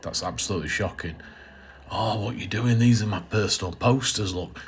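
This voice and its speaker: A man's voice: low voice, steady tone, brisk, slightly rough. A man, rambling casually with jokes and fillers as he narrates his model railway. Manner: rambling, jokey, lots of fillers. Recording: noisy background ambience.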